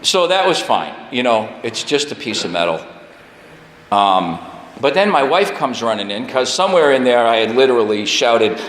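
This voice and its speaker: A man's voice: mid-range voice, normal speed, a crowd in the background. Self-deprecating man telling a story in an echoey hall. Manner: animated, self-deprecating storytelling with frequent laughs. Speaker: speaker at a recovery meeting. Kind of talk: personal story share. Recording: echoey hall with long reverb.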